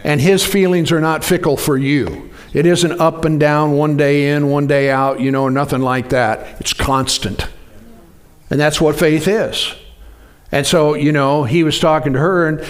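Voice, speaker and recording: Exhorting male preacher, fairly high voice. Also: steady tone, a little slow. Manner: exhorting, loose storytelling with many restarts. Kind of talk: sermon.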